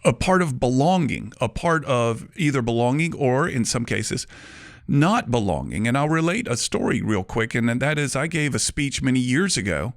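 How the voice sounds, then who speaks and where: A man's voice: mid-range voice, normal speed, dry recording, studio quality. A man from Mobile, Alabama, hosting an interview, telling stories and asking questions in a conversational way. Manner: storytelling, animated questions. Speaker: podcast host.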